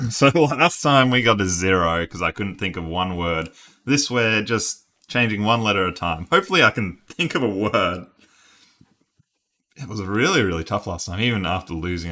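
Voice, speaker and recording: A man's voice: fairly low pitch, animated, normal speed, sharp tone. A man streaming word games, chatting casually and thinking aloud while laughing at himself. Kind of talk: casual live-stream commentary.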